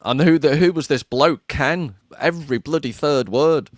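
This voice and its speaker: A man's voice: a little high, normal speed, dry recording. Liverpool-born male panelist, chatty, needles others, dry close mic. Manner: teasing, chatty. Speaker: podcast panelist. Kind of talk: casual panel chat.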